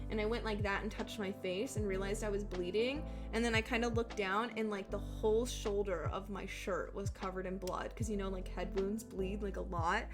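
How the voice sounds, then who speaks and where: A young adult woman telling stories in casual chat with her viewers, full of fillers and easy swearing, often laughing. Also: mid-range voice. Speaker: streamer reading chat.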